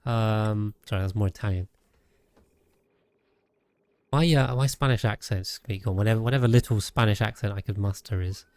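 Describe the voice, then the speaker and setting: Speaking casually into a desk mic, a man talks his way through a game stream, thinking aloud and often restarting or trailing off mid-thought. His lowish voice is darkish, clear and resonant, with a steady tone. He talks fast with few pauses.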